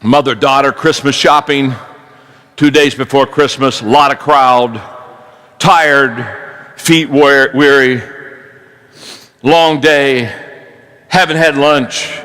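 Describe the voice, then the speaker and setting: A man preaching a sermon, telling stories animatedly, dropping to hushed tones and rising to shouts. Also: mid-range voice, fairly even intonation, slow pace, pauses often, low-quality recording.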